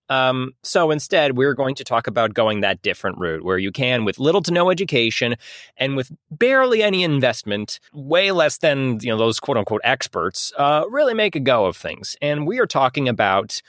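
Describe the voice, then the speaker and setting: A man's voice: medium pitch, big pitch swings, normal speed, fairly bright tone, no room sound, clean studio sound. A man co-hosting a casual comedy podcast who jokes, laughs often and rambles. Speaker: podcast co-host.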